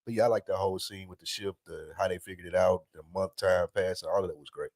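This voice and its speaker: A man's voice: deep voice, fairly even intonation, fast talker, darkish tone, no room sound, clean studio sound. A man on a podcast briefly giving enthusiastic thoughts on a movie scene. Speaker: podcast co-host. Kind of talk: casual movie review chat.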